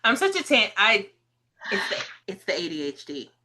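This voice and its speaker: A woman with a mid-range voice chats casually at a normal speed while hosting a podcast interview. Frequent laughter punctuates her animated stories, in which she takes on the voices of the people she's quoting.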